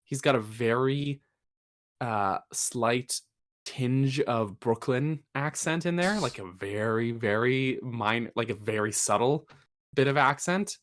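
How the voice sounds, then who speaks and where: A man's voice: mid-range voice, takes it slowly. A man co-hosting a casual podcast, talking in a chatty, rambling way with fillers and restarts, getting emphatic when he makes a point. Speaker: podcast co-host.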